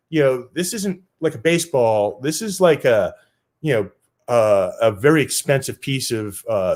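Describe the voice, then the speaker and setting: A man telling a personal story on stage in a loose, casual way with lots of filler words. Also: medium pitch.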